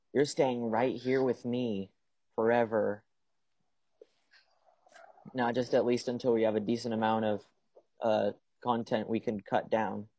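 A man's voice: medium pitch, dark tone, no echo. Teenage male podcast host, eager and playful, stammers restarts; close dry home recording. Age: teens. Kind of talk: casual chat. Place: home bedroom.

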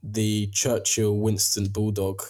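A man's voice: fairly low pitch, monotone, slow pace, darkish tone. A young man hosting a podcast, asking questions hesitantly with many fillers. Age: young adult. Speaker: podcast host. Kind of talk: casual interview questions.

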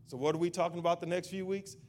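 A man's voice: sits high, steady tone, rapid-fire, slight background noise. A male pastor preaching a sermon in a church. He repeats his point insistently and builds into a fervent prayer.

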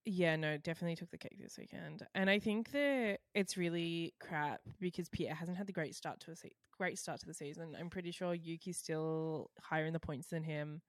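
A woman co-hosting a podcast, talking in an excitable, chatty way with plenty of quick asides. Her voice sits fairly low for a woman, and the sound is dry and close. She keeps the chat casual and lively. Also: dry recording. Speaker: podcast co-host.

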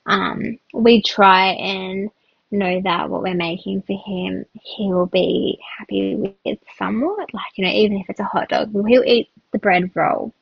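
A woman talking in an earnest, reassuring way on a parenting podcast, with lots of fillers. Her voice has a gravelly fry and a husky grain. The sound is dry and lo-fi. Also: mid-range voice, normal speed, no echo. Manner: earnest, reassuring, speaks through many fillers. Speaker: podcast co-host. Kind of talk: casual chat.

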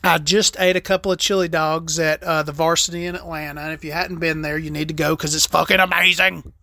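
A woman's voice: deep voice, fairly even intonation, brisk, sharp tone, no echo, studio quality. A woman hosting a podcast, talking in a casual, rambling, profane and joking way. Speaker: podcast host.

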